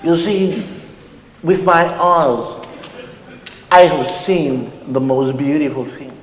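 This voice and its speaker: A man's voice: on the high side, slow pace. A man playing a tipsy, smug Samoan uncle with a Samoan accent, a self-styled ladies' man who flirts in flowery romantic lines in a live comedy act. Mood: crooning, flirty. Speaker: comedian in character. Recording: echoey hall with loud background noise.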